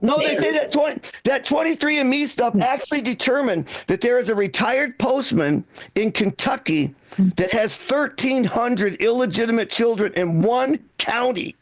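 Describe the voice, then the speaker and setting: An older man in his sixties with a strikingly high, gravelly voice works a comedy club stage as the night's emcee. He rambles through self-mocking bits, stumbling and restarting as he goes. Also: moderate pace. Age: 60s. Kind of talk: live stand-up comedy set.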